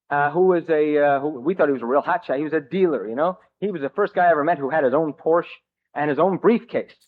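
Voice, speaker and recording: Man from New Jersey with a slightly high voice, sharing his recovery story with a room in a halting, wisecracking way. Thin, phone-like tape. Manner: halting, self-mocking, joking. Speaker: speaker at a recovery meeting. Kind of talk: personal recovery story told to a crowd.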